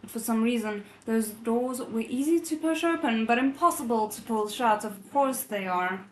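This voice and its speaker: A woman reads a novel aloud for a readalong. Her voice sits a little high, and she often stops to correct a word. She cuts in with amused comments on the story. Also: moderate pace, slight background noise, rough recording. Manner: reads aloud with laughing off-script asides and self-corrections. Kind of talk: casual novel readalong with asides.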